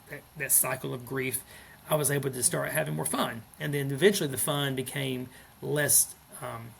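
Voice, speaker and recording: A man in his fifties, a school principal, speaking in a gentle, earnest way during a podcast interview, often restarting his sentences. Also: medium pitch, gravelly, slight background noise. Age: 50s.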